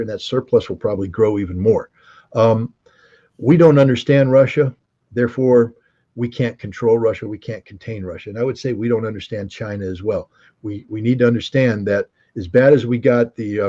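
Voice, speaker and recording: A man's voice: lowish voice, dark tone. A man giving emphatic, sardonic commentary in an interview, full of rhetorical questions. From United States. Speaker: guest commentator. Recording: dull lo-fi recording.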